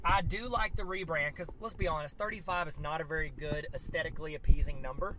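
A man co-hosting a casual sports podcast, joking and animated, laughing at his own jokes. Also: fairly high pitch, quick pace. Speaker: podcast co-host. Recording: lo-fi office recording with faint background noise.

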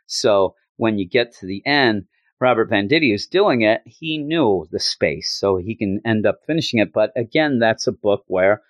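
A man's voice: on the low side, normal speed, no echo, muffled recording. A man hosting a podcast, chatting casually and jokily as he reviews a comic book. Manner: rambling, jokey, animated retelling. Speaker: podcast host.

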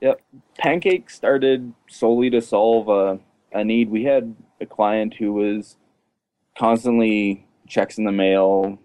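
A man hosting a podcast, telling stories in a relaxed, chatty way and laughing often. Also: lowish voice, takes it slowly, clear, resonant tone. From Canada. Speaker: podcast host. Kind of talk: casual storytelling chat.

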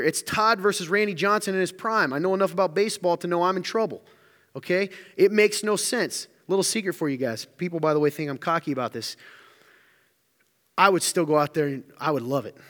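Higher-voiced preacher in a reverberant hall. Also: male voice, a little fast. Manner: energetic, joking, conversational preaching. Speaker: pastor. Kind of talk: sermon.

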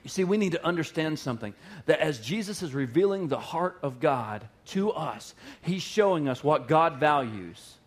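A male pastor preaching a sermon, retelling a parable with animated, repetitive emphasis. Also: a little high, normal speed.

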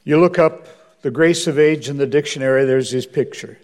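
A man's voice: medium pitch, normal speed, a little mellow. A man preaching as a guest, telling anecdotes with humor and driving home his points with emphasis. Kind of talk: sermon.

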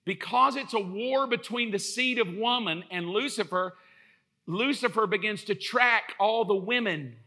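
A male pastor preaching a sermon in an animated, joking storyteller's way, acting out little quotes as he goes. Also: high-pitched, unhurried.

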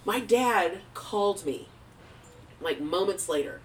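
A middle-aged woman running her own music studio, telling stories with lively acted-out quotes and frequent laughter. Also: mid-range voice, takes it slowly, far from the mic, poor audio. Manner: animated storyteller, acts out quotes, laughs often. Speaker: music studio owner, guest. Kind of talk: casual interview conversation.

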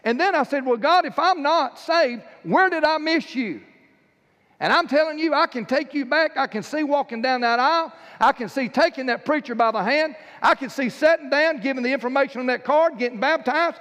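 A man preaches in a church sanctuary with a very high-pitched voice, telling his stories with rising, fervent emphasis. A long hall reverb trails behind every phrase. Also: normal speed, a bit bright. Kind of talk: sermon.

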